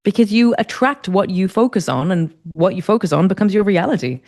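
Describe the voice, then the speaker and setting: A woman, a leadership strategist, speaking as an interview guest and explaining ideas clearly and fluently. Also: mid-range voice, expressive, fairly quick. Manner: articulate, warm, explanatory. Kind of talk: conversational interview.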